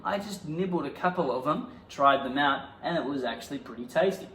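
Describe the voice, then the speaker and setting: Acting teacher with echo. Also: male voice, on the high side, lively intonation, fairly quick, slight background noise. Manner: bursts into loud indignant outbursts during scenes. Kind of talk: acting lesson with improvised scenes. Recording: echoey room.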